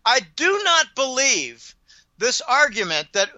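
A man's voice: high-pitched, animated, normal speed, sharp tone, no room sound, highs cut off. A man telling stories in an indignant, rambling monologue, often stumbling and repeating words. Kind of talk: casual ranting monologue.

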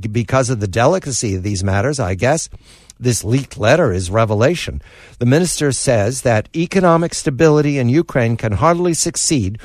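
A man hosting a radio interview, speaking in a measured way and quoting sources. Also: mid-range voice, dry recording, studio quality. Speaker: radio host.

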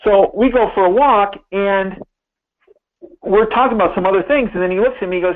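A man's voice: high-pitched, fairly quick, no room sound. An older man telling stories as a guest in an interview, rambling and emphatic with many restarts. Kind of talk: phone-in interview storytelling. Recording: tinny phone line.

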